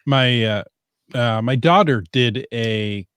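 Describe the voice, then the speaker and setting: An American man hosts a casual podcast, asking curious questions and slipping in jokes. His voice has a middling pitch. The recording is dry, with no room echo. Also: takes it slowly, a bit bright, clear, resonant tone. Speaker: podcast host.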